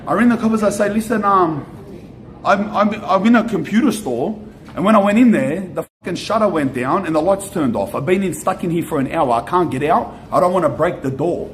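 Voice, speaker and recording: A young Australian man tells a story on a vlog outside a shop, animated and slangy, swearing and repeating himself. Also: on the high side, quick pace, hardly any pauses. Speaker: streamer. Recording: echoey with faint ambient noise.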